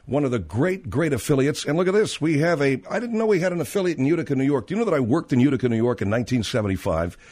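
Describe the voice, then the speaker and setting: A man's voice: medium pitch, very animated, racing, hardly any pauses, darkish tone, slightly rough. Rambling male radio talk host. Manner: rambling anecdotes, lots of fillers and restarts.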